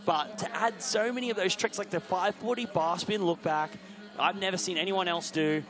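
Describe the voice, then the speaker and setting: A man giving live sports commentary, excitable and bursting into shouts when something big happens. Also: high-pitched, normal speed, over music.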